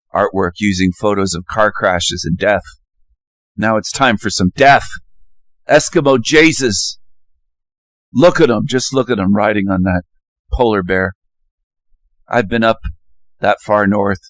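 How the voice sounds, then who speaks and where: Low-voiced guy ranting, repeats himself, dry close mic. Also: steady tone, measured pace, pauses often, dry recording. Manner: ranting, repetitive, emphatic bursts. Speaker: channel host. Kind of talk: casual monologue over images.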